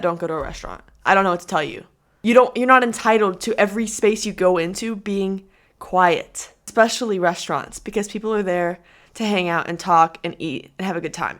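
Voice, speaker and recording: A woman's voice: mid-range voice, fairly bright tone. A woman reacting to clips in a casual vlog, talking to camera in a chatty, exasperated way with lots of "like". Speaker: commentary vlogger.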